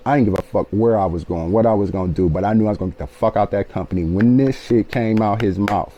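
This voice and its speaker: A man in his late forties spins a personal story, animated and loose with profanity. He keeps checking in with his listeners. His voice sits low and mellow, with a dark, relaxed tone. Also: a little fast, a little hiss or hum. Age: 40s. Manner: animated, profane, keeps asking "you feel me". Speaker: author telling his life story. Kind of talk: casual storytelling.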